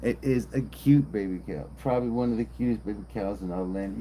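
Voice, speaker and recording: A man's voice: on the low side, fast talker, few pauses, mellow, a little hiss or hum. A man streaming live, rambling and joking in casual chat and swearing freely.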